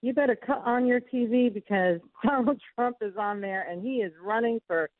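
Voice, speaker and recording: Woman impersonating an excitable Southern storyteller with a North Carolina accent, raised pitch, dry phone audio. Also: normal speed, dry recording, lightly acted. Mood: excited. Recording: tinny phone line.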